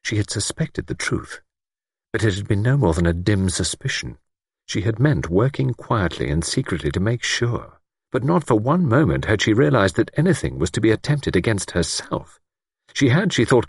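A man narrating an audiobook story in a measured, expressive way. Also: on the low side, breathy edge, no echo, clean studio sound.

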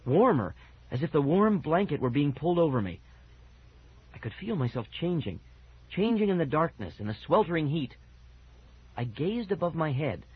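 A man narrating an audiobook with expressive storytelling. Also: on the high side, normal speed, pauses often, husky, no echo. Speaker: audiobook reader. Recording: dull old cassette audio.

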